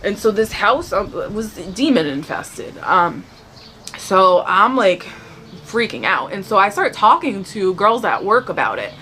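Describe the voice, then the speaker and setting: A woman sharing a personal faith testimony in casual storytelling, animated and acting out the dialogue as she tells it. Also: medium pitch, measured pace, a little hiss or hum. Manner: animated, acts out dialogue in the telling.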